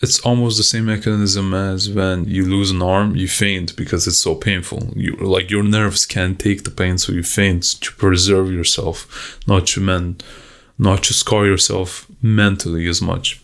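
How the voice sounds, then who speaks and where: A man speaks in a very low, rough voice with a lot of fry. He rambles through a personal video journal in a candid, profane way, correcting himself as he goes and close to tears at moments. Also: a bit bright. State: tearing up. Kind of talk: raw emotional video journal.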